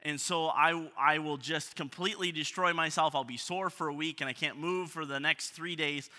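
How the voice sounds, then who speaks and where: A man's voice: fairly high pitch, steady tone, normal speed, pushed and bright. A man in his thirties preaching a sermon, talking in a self-deprecating, conversational way with frequent restarts. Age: 30s. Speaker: pastor. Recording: reverberant hall.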